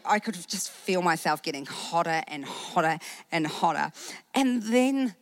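A woman pastor with a New Zealand accent preaches through a personal story. Her voice sits a little low and she acts out the people in it with lively energy. The sound is close and dry. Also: normal speed, no room sound. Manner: animated storytelling with acted-out quotes.

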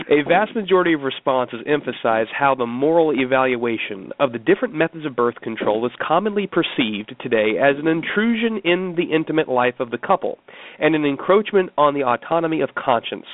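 A man's voice: on the high side, animated, brisk, a little hiss or hum. A man hosting a talk show, reading excerpts aloud and adding wry remarks. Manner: wry, laughs easily. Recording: phone-like narrow band.

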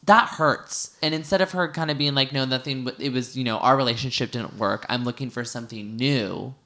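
A woman with an unusually deep, low voice talks through a reality show in a casual podcast chat. She stumbles and restarts often and acts out what people said. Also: a little fast, a bit bright. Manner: chatty, acts out quotes, frequent restarts. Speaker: podcast co-host.

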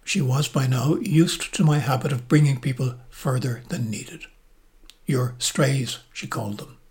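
An older Irish man reading his own memoir in a measured, reflective way, often dropping to a soft, breathy voice. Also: medium pitch. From Ireland. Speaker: narrator, motoring and travel journalist.

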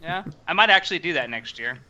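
A young man hosting a casual podcast chat, animated and laughing often. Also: a little high, quick pace, dull audio. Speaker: podcast host.

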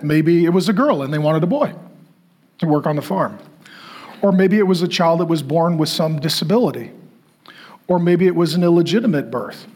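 Man preaching, husky voice, emphatic repetition, dramatic pauses. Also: fairly high pitch, darkish tone. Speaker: pastor. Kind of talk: sermon.

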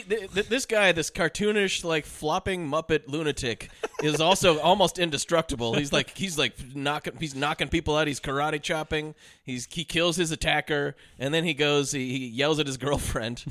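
A man co-hosts a casual film podcast, recapping scenes with mounting energy and bursts of shouted quotes. His voice sits a little high and sounds bright and forward. The recording is close and dry. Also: dry recording. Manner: animated retelling, mimics shouted lines. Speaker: podcast co-host.

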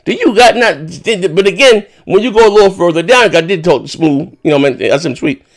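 A man hosting a podcast in casual chat, rambling and swearing as he retells a dispute with animated indignation. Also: sits high, quick pace. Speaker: podcast host.

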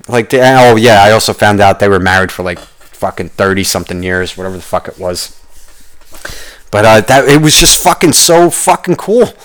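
Brief: young male ranter, low-pitched voice, swears constantly, rambling and animated. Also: moderate pace. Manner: profane, rambling, animated storytelling. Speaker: podcast host. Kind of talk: casual ranting monologue.

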